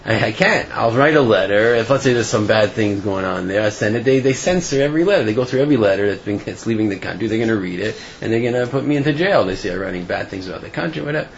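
A man playing a nervous traveler protesting quickly about censored letters. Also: on the low side, lively intonation, vocal fry, highs cut off, a little hiss or hum, pitched below the performer's own voice. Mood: worried.

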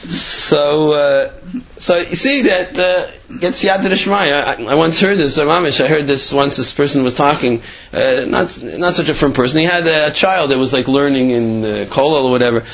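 A man's voice: fairly high pitch, moderate pace, a bit bright. Rambling man telling religious stories. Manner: rambling, many fillers and restarts. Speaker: Torah storyteller. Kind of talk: casual religious storytelling. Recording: dull lo-fi recording.

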